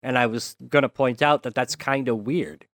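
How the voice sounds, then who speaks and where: A man's voice: mid-range voice, normal speed, fairly bright tone, no room sound. A man in a casual podcast chat, dropping wry jokes and asides. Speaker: podcast co-host.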